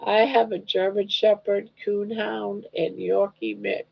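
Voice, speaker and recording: Gravelly older woman chatting on livestream. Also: mid-range voice, level tone, a little slow. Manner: rambling, reads chat comments aloud, coos at her dog. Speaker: livestream host. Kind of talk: casual chat. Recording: dull lo-fi livestream audio.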